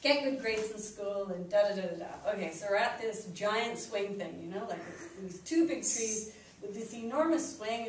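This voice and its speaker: A woman, a psychiatrist guest, telling a personal story with lots of laughter. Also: mid-range voice. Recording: echoey room from a distant mic with background noise.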